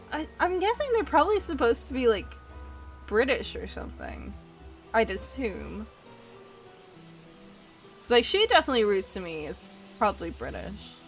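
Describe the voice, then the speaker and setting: A woman's voice: a little high, very animated, unhurried, pauses often, soft background music. A woman streaming a game, chatting casually in a rambling, giggly way as she plays. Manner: rambling, giggly, self-correcting. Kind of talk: casual gameplay commentary.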